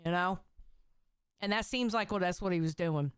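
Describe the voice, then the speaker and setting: A woman's voice: on the low side, normal speed, smooth, dry recording, clean studio sound. A woman streamer reacting casually, loose and profane, often repeating herself. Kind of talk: casual live-stream commentary.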